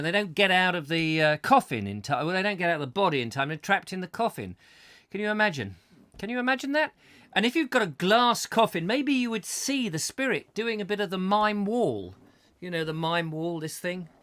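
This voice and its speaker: A man's voice: fairly high pitch, a bit bright, no echo. A middle-aged man, hosting a comedy chat show and spinning whimsical, rambling tangents full of fillers. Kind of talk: comic rambling monologue.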